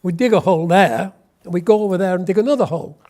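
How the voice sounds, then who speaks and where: A man's voice: high voice, fast, warm tone. A man, telling a wry, anecdotal war story in an oral history interview. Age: 80s.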